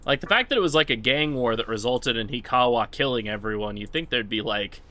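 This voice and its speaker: A man's voice: medium pitch, brisk, bright, forceful tone. A man casually commenting on his live-streamed game speedrun, rambling with lots of fillers.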